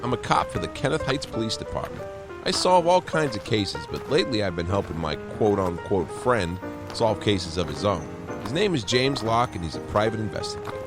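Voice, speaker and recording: A man's voice: fairly low pitch, lively intonation, brisk, lightly acted. An actor playing a brash, cheerful male city cop in a scripted audio drama promo, talking with swagger. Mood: upbeat. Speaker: promo narrator in character. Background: music.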